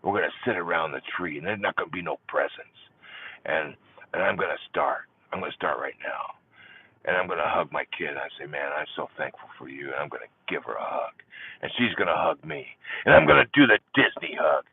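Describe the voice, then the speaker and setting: An older man hosting a support group livestream, talking in an impassioned monologue that swings between loud exclaiming and hushed near-whispers. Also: sits low, lively intonation, brisk, gravelly, husky. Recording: tinny phone-like audio, dry.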